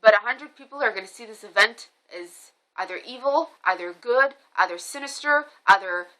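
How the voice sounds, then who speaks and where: Bright-voiced woman telling a rambling story. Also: a little high, low-quality recording. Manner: rambling, animated, many fillers and restarts. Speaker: spiritual reader vlogger. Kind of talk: casual storytelling monologue.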